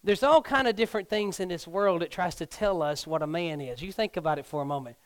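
A middle-aged man, a youth pastor preaching a sermon, swinging from hushed, near-whispered lines to loud, near-shouted ones. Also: high voice, fast, clean tone, no echo.

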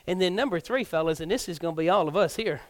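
Youth pastor preaching, middle-aged guy, kinda high voice, goes from hushed to hollering, dry sound. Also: fast, no echo. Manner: preaching with big swings from hushed to near-shouting. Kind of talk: sermon.

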